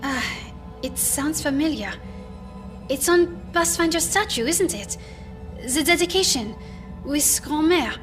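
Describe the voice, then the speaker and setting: A kind, sincere young woman. Her voice is high and gentle, and she speaks earnestly, sometimes hesitating. Faint music sits behind her in this game cinematic. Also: lively intonation, measured pace, pauses often. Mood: helpful. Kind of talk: video game cinematic drama.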